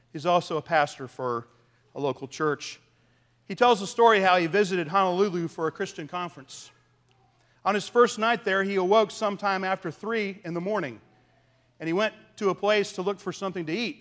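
High-voiced man preaching a sermon. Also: a bit bright. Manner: earnest storytelling with dynamic swings in volume. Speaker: pastor.

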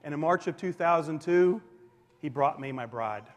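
A man in his forties preaching a sermon as a pastor, animated, swinging between loud emphasis and soft asides. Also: fairly high pitch, moderate pace. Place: church sanctuary. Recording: reverberant hall sound.

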